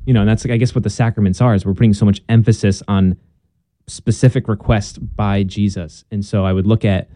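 A young man with a very dark, mellow voice talks casually and earnestly about his own story, now and then acting out old conversations. The sound is dry and close, with no room echo. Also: lowish voice, level tone, brisk. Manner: earnest, storytelling, acts out past dialogue. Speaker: guest, Catholic convert.

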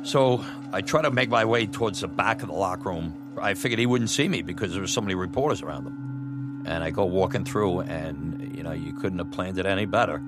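A middle-aged man telling a personal story, animated and laughing often, acting out what others said. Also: low-pitched, fairly quick. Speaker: storyteller, former batboy. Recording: music bed under voice.

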